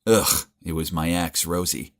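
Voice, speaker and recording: A man narrating a first-person animated story in a casual teen manner. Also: deep voice, unhurried.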